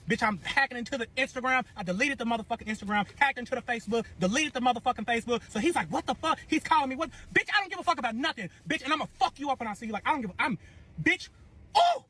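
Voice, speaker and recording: A man tells a furious, profanity-laced story, his voice pitched very high and breathy. He talks fast and stumbles over repeated words as the anger pours out. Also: bright, forceful tone. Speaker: storyteller in a clip.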